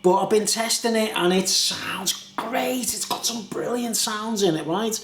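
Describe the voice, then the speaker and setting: A man's voice: high-pitched, unhurried, fairly bright tone. Rambling British man in an echoey room. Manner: rambling, chatty, keeps asking "you know what I mean?". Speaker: YouTuber reviewing beer. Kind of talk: casual chatty vlog.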